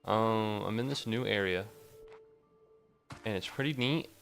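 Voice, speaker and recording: A man's voice: lowish voice, measured pace, gravelly, fairly bright tone, soft background music. A man giving casual, foul-mouthed commentary as he plays a game, talking to the creatures on screen and to his chat. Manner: chatty, swears freely, talks to game creatures; talks to chat between bouts of play. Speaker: gaming streamer.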